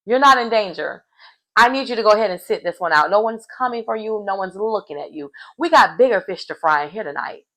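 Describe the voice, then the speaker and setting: A woman's voice: mid-range voice, animated, a little fast, fairly bright tone, low-quality recording. A woman doing an impression of a famous talk-show woman, telling someone to sit this one out in a sassy, scolding way. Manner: sassy, scolding, matter-of-fact.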